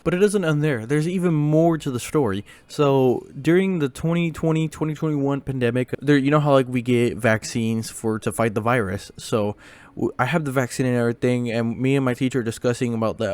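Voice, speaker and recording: A man's voice: mid-range voice, brisk, a little mellow, smooth. A man casually tells a long story from his school days, rambling with many fillers and restarts.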